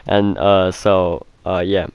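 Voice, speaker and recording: Brief: young male vlogger, low voice, dry close sound, swears a lot, rambles. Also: a little mellow, smooth, no room sound. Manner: rambling, heavy swearing, lots of fillers. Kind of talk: casual storytime.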